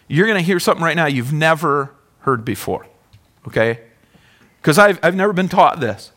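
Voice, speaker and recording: A male preacher with a bright, forceful voice sitting a little high for a man. He delivers his sermon with animated swings, firing loud questions at the congregation and dropping to hushed, near-whispered passages, often asking them to call answers back. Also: normal speed, long pauses. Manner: asks the congregation questions, calls for responses. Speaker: pastor.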